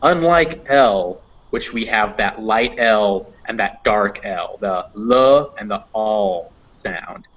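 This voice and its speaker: A man's voice: fairly low pitch, slow pace, few pauses, a bit bright. A man teaching English phonetics in a live online class, explaining patiently with fillers over a computer mic. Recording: dull lo-fi online class audio.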